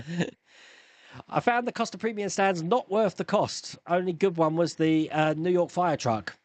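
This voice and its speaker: A man hosting a casual live stream, chatting loosely and answering viewers' questions with rambling asides and quick laughs. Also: fairly high pitch, no room sound. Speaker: YouTube live stream host.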